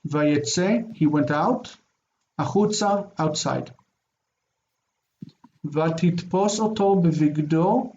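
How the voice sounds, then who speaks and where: A man teaching a Biblical Hebrew lesson, reading verses aloud and translating them, repeating key phrases slowly. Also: fairly high pitch, a little mellow, muffled recording, slight background noise.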